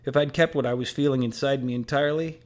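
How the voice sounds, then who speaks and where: A man reading a novel aloud in first person, measured and earnest. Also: mid-range voice, steady tone. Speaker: audiobook narrator.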